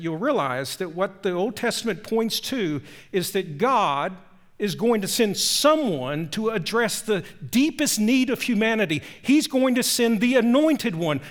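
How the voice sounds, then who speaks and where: A man preaching a sermon as a pastor, telling the story with emphatic rises and hushed drops. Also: high voice. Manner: animated storytelling, shifting from loud emphasis to hushed tones.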